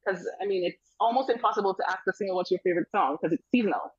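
A woman's voice: medium pitch, rapid-fire, slightly rough, no echo, muffled recording. A woman gospel singer chatting as a guest, modest and laughing, with fillers, her voice still in its morning state. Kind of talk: casual interview chat. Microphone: remote call.

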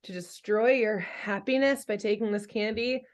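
A woman voicing a smug, villainous male cartoon monkey, gloating in a soft voice. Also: mid-range voice, moderate pace, natural voice.

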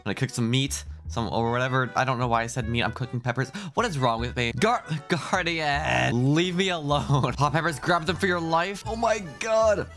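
A man's voice: medium pitch, normal speed, few pauses, fairly bright tone, soft background music. A young man giving let's play commentary, self-mocking and laughing often, breaking into yelps of alarm. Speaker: gaming YouTuber.

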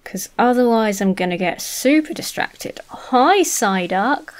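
A woman's voice: on the high side, expressive, normal speed, hardly any pauses. A woman hosting a casual let's-play, chatty and gushing, swearing casually, with faint game music behind her. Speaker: gaming video host.

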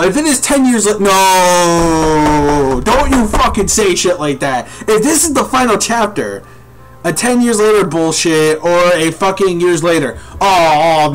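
A young man reviews a manga on a live stream, reading along and reacting to viewers in excitable, profane chatter. His voice sits high.

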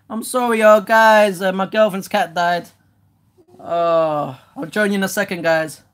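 A woman hosting a casual home unboxing vlog, chatty and excitable, who swears loudly when let down. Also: medium pitch, measured pace. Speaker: host.

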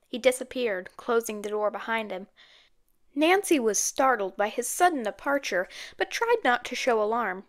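Woman audiobook narrator, steady and measured, slightly high voice.

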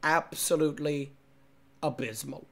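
A young man streaming and reacting to game clips, brash and profane, often breaking into shouting. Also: fairly high pitch, steady tone, a little slow, gravelly. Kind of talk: loud casual stream commentary.

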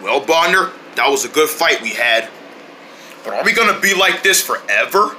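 A performer voicing an excitable, shouty cartoon hero who turns into a bear, in a homemade toy cartoon. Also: mid-range voice, moderate pace, a little hiss or hum. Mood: gloating. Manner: excitable, shouty, full of sound effects.

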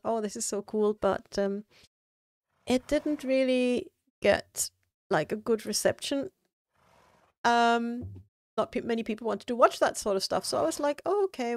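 A woman's voice: fairly high pitch, dry recording, clean studio sound. A woman streaming a building game, chatting casually with viewers and thinking aloud with lots of fillers. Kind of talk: casual live-stream chat.

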